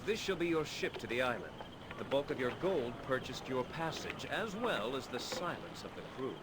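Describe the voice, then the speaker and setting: Guy voicing a stiff formal lord giving orders, lively pitch, noisy far-off game audio. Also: normal speed, close to an everyday voice. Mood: cold. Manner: curt, formal, businesslike. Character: cool, commanding male nobleman arranging passage.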